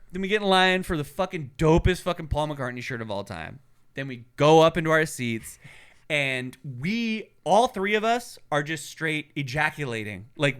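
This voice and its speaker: A man's voice: on the high side, clear, resonant tone. A young man co-hosting a podcast, telling a story in casual chat, profane and laughing, acting out the voices of people he quotes. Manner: animated, profane, laughing, acts out voices in stories. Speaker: podcast co-host.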